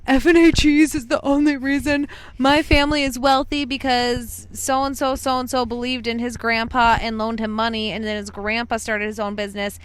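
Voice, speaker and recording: A woman's voice: on the high side, little pitch movement, moderate pace, clean tone. A young woman co-hosting a podcast, telling a bar story in casual chat, acting out quoted lines and saying "like" a lot. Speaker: podcast co-host.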